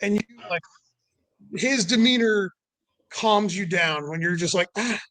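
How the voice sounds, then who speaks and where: High bright-voiced man telling stories. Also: unhurried, dry recording, rough recording. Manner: rambling, heavy on "like" and "you know". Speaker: podcast guest. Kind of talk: casual storytelling chat.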